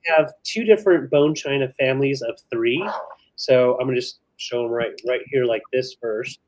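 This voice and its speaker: A man's voice: medium pitch, normal speed, darkish tone, low-quality recording. Easygoing middle-aged man co-hosting a sale. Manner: easygoing, relays chat comments. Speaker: live sale co-host. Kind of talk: casual live auction chat.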